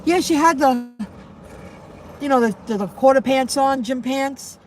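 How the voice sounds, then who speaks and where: A woman's voice: sits high, unhurried, darkish tone, a little hiss or hum. A middle-aged woman chatting casually on a live stream into her phone from a parked car, rambling and repeating herself as she answers viewers. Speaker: delivery driver live streamer.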